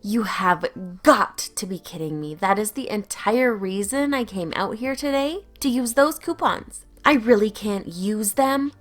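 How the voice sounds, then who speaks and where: A woman's voice: mid-range voice, animated, a little slow, few pauses, close to an everyday voice. A woman voicing a rude, entitled middle-aged female shopper who sounds huffy and sarcastic. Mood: indignant.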